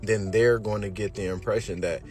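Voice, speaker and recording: Young adult man, low-pitched, blunt and profane, casual commentary. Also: fairly even intonation, moderate pace, darkish tone, soft background music. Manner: blunt, profane, laughs at his own point. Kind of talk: casual opinion rant.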